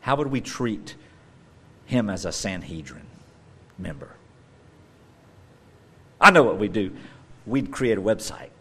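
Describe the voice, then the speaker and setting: Animated, joking male preacher. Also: fairly low pitch, slow, pauses often, slightly rough. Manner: animated, emphatic, joking asides. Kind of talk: sermon.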